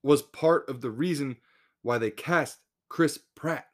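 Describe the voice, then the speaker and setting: A man's voice: mid-range voice, slow. A man hosting a podcast in a casual solo rant, blunt and full of swearing. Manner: profane, blunt, exasperated. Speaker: podcast host.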